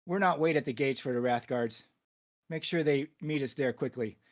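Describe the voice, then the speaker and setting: A man voicing a zealous male Templar warrior who declares his words loudly and fiercely. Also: medium pitch, moderate pace, natural voice. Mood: commanding.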